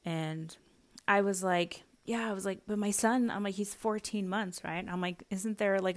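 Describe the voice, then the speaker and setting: A young woman talks through a personal story for her podcast, with a slightly low voice. She is chatty and casual, full of fillers and quick little laughs. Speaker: podcast host.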